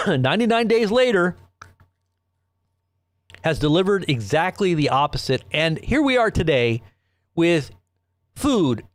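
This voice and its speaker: A man hosts a ranting news commentary with a fairly high voice, recorded dry and close with no room sound. He rambles and repeats himself, preaching and piling up rhetorical questions. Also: sing-song, a little slow, pauses often, no room sound. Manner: preachy, quotes scripture.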